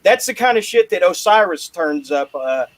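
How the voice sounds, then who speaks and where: A man's voice: high-pitched, expressive, moderate pace, dry recording, rough recording. A man hosting a podcast, rambling in casual chat and joking banter. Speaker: podcast host.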